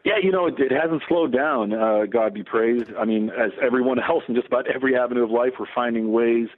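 A middle-aged man, a Lutheran campus pastor, talking earnestly as a radio guest, often restarting his sentences. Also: mid-range voice. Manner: earnest, halting with many restarts. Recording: tinny phone line.

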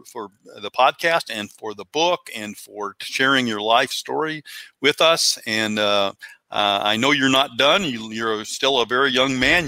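Bright-voiced male podcast host. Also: medium pitch, no room sound. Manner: storytelling, animated when acting out others. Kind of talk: casual interview chat.

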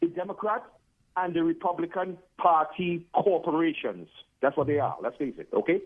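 Male radio caller, fairly high voice, rambling and emphatic, over a tinny phone line. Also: normal speed. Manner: rambling, emphatic, restarts often. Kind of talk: phoned-in talk radio call. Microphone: telephone.

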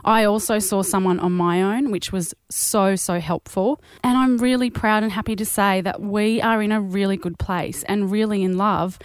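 A woman's voice: medium pitch, fairly even intonation, normal speed, few pauses, no echo, studio quality. A woman co-hosting a podcast, speaking candidly and conversationally as she recounts what others said. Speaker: podcast co-host. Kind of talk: casual chat.

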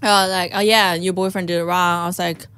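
A young woman comedian from China with a Chinese accent, telling an animated story on a podcast and acting out the people she quotes. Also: lowish voice, a little fast, smooth, no room sound. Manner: animated, acts out quoted voices, non-native grammar. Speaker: comedian guest.

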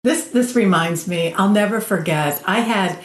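A woman, a podcast guest, telling stories from her career in a casual, animated way. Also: mid-range voice, normal speed. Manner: animated storyteller, laughs while telling anecdotes. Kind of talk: casual conversation. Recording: roomy echo.

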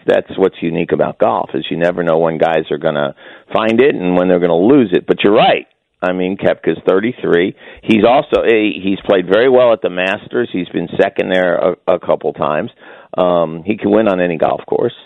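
A man's voice: low-pitched, a little fast, vocal fry, dry recording. A man calling in as a regular guest on a sports radio show, chatting casually and rambling with self-corrections while hiccuping. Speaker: guest columnist. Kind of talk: casual sports chat by phone. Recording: tinny phone line.

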